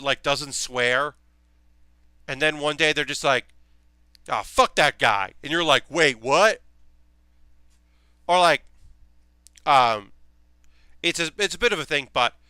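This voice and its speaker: A young man talks casually to his stream while he builds, rambling with plenty of ums and offhand swearing. His voice is bright and crisp. The sound is dry, with no room echo. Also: on the high side. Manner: rambling, enthusiastic, swears freely, many fillers.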